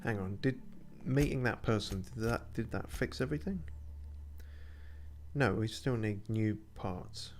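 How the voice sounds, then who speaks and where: A man's voice: on the low side, measured pace, a little mellow, slight background noise. A man streaming a video game, giving casual running commentary in a dry, sarcastic mutter. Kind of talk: casual let's-play commentary.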